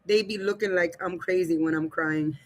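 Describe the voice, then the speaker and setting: A woman's voice: on the low side, fairly even intonation, moderate pace. Candid woman chatting to her stream. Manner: reads viewer comments aloud and talks straight to the chat; blunt, swears casually, laughs often. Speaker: livestream host. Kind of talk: casual livestream chat about grief.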